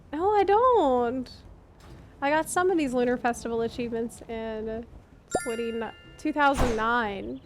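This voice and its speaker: Over slight background noise, a woman with a voice on the high side streams a video game and chats casually as she plays. She is chatty and expressive, reacting freely and easily moved.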